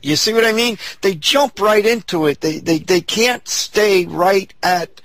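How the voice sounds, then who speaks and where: A man's voice: high-pitched, moderate pace, fairly bright tone, dry recording. A man hosting a political talk show, speaking hesitantly and searching for his words.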